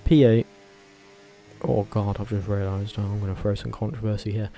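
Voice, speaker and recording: A man vlogging casually, talking in a rambling, animated way with frequent self-corrections and tangents. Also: fairly low pitch, normal speed. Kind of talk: casual opinionated commentary.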